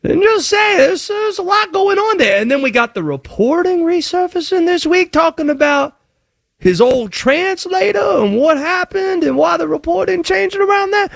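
A man putting on a loud, excitable Cajun-drawling conspiracy character who rambles through hot takes. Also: high voice, fairly quick, no room sound, clean studio sound, full character voice. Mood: excited.

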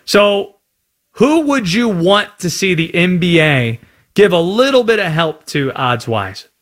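Animated, opinionated sports radio host. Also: male voice, sits high, measured pace. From North Carolina.

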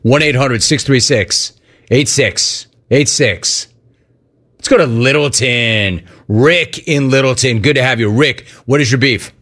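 A sports talk radio host takes calls on his show, brash and riffing, repeating his catchphrases as callers come on. His voice is medium in pitch with a fairly bright tone, and he speaks a little slowly.

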